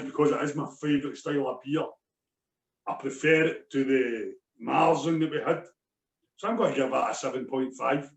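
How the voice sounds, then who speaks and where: A man's voice: medium pitch, creaky, recorded from a distance. Chatty Scottish man in an echoey room. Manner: chatty, repeats himself, restarts phrases. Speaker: podcast co-host. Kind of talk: casual beer review chat.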